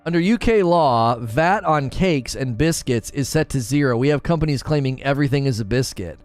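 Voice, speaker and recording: A man's voice: medium pitch, animated, normal speed, no room sound, soft background music. A man chatting casually on a live stream, joking, laughing often and slipping into mock British voices.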